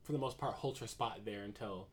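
A podcast co-host casually recapping a movie plot, rambling and hesitant with many pauses. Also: mid-range voice, slight background noise. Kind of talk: casual chat.

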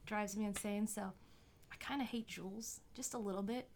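A woman's voice: mid-range voice, steady tone, a little mellow. A woman co-hosting a casual podcast, blunt and profane, laughing often and acting out quotes. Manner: blunt, swearing, quick to laugh, acts out quotes. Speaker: podcast co-host. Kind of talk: casual chat.

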